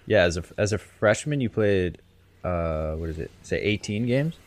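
A man's voice: low voice, moderate pace. A man co-hosting a casual podcast, laid-back and teasing. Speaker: podcast co-host.

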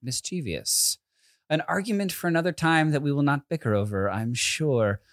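A man's voice: fairly high pitch, big pitch swings, fairly quick, no echo. A man co-hosting a casual chat, hesitant with many fillers and a dry, sarcastic humor. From United States. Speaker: podcast co-host.

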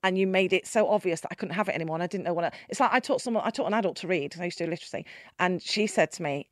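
A woman, a podcast guest telling candid stories in a lively way, laughing often and acting out the voices she quotes. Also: fairly low pitch, racing, no echo, clean studio sound. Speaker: podcast guest, keynote speaker. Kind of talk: candid conversational storytelling.

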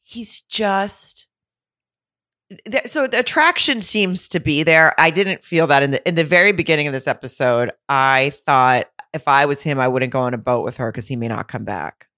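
A woman with a notably low voice talks through a reality show episode in loose, laughing chat. The sound is dry and close, with no room around it. She talks with chatty energy. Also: normal speed, sharp tone, no echo. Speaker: podcast co-host. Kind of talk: casual reality-TV recap chat.

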